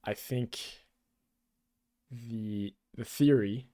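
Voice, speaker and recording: A young man giving casual, excitable live trading commentary, swearing often and calling people "bro". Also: mid-range voice, extremely slow, dry recording, clean studio sound. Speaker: day trader.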